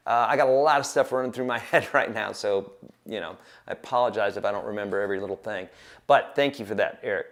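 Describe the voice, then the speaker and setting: A man's voice: on the low side, fast, a bit bright. A man teaching guitar on a livestream, talking casually and encouragingly and counting beats aloud.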